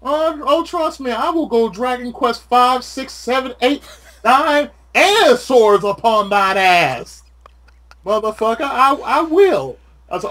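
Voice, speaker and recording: A man's voice: very high-pitched, takes it slowly. A man chatting casually with a friend, ranting with lots of swearing. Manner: profane, ranting, animated. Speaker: channel host.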